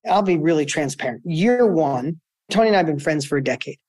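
A man's voice: a little fast, no echo. A man being interviewed as an entrepreneur guest, talking emphatically in a motivational, storytelling way. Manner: emphatic, storytelling, animated pitch swings.

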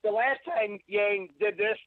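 A man with a Midwestern accent calls in to a radio show, his high voice tinny and squeezed as if over a phone line. He rambles excitedly, stumbles and restarts, and piles one thought onto the next. The sound is dry, with no room around it. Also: measured pace, no echo. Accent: Midwestern American. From Wisconsin. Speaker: caller. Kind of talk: casual call-in chat.

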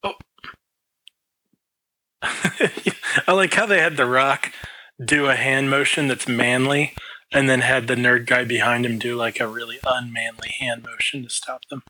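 A man's voice: mid-range voice, fairly even intonation, unhurried, long pauses, pushed and bright, no room sound, poor audio. A man co-hosting a podcast, chatting casually and jokingly while watching a movie with a remote partner. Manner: joking, laughs often. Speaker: podcast co-host. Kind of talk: casual movie commentary chat.

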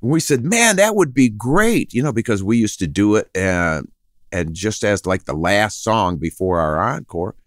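A man's voice: sits low, lively intonation, moderate pace, dry recording, studio quality. An older man telling personal stories in an interview, rambling with many restarts and acting out the voices of people he quotes. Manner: acts out others' voices in quotes. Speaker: guest. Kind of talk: interview storytelling.

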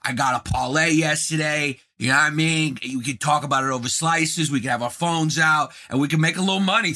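A man's voice: on the high side, sharp tone. A man co-hosting a casual chat, joking and self-deprecating. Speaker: co-host.

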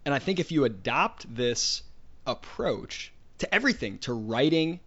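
A man's voice: mid-range voice, big pitch swings, unhurried, muffled recording. A man co-hosting a podcast in casual chat, joking playfully and laughing at himself. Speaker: podcast co-host.

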